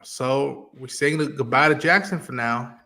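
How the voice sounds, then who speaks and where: A man hosting a casual live-streamed podcast, retelling scenes quickly and acting out the lines. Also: medium pitch. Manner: quick, animated retelling of scenes with acted-out quotes. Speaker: podcast host.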